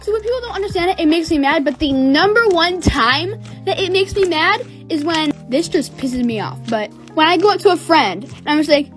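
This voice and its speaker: A woman's voice: extremely high pitch, animated, brisk, faint music behind. A teenage girl telling a story in a chatty, sarcastic way, with lots of "like". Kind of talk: casual storytime.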